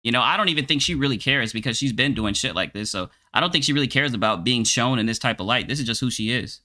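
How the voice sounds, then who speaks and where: A man streaming his reaction to a podcast clip, loud and profane, mocking the people he talks about. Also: mid-range voice, animated, fast.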